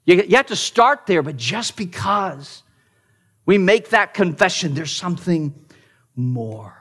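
Pastor telling a story in a sermon. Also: male voice, high-pitched, animated, measured pace, husky. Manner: storytelling, dramatic shifts from loud to hushed; repeats words at starts of phrases.

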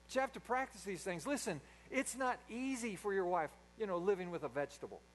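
A man preaching a sermon in a church, a dynamic speaker who swings from loud emphasis to quiet asides. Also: high voice, expressive, quick pace, a little hiss or hum, low-quality recording. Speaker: pastor. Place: church sanctuary.

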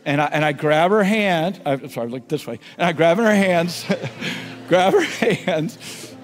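A pastor giving a sermon, telling a story and leading prayer, moving between emphatic and hushed delivery. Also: male voice, a little high, animated, a little slow, big-room sound, faint music behind. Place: church sanctuary.

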